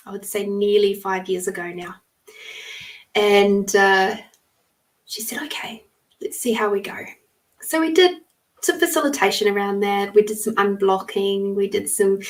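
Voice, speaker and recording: A woman's voice: mid-range voice, distant mic. A woman, hosting a live stream, telling a rambling personal story and greeting viewers as she goes. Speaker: podcast host giving live readings.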